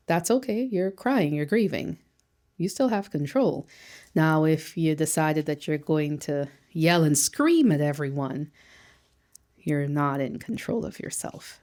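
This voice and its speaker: Lively lower-voiced woman therapist. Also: a little slow. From Canada. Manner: lively, emphatic, uses rhetorical questions and acted quotes. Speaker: social worker and therapist. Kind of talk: educational talk.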